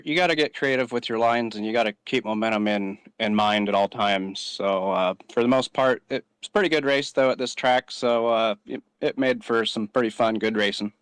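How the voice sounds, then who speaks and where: A man's voice: medium pitch, a little fast, few pauses, fairly bright tone, clean tone, dry recording. A man giving a post-race interview as a driver, speaking in a casual, rambling way with many fillers.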